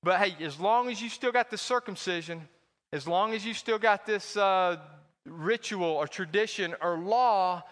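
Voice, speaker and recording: A man's voice: high-pitched, measured pace, fairly bright tone, voice pushed up. A man voicing a smug, legalistic religious teacher, in a mocking, wheedling tone, with echo from a church hall.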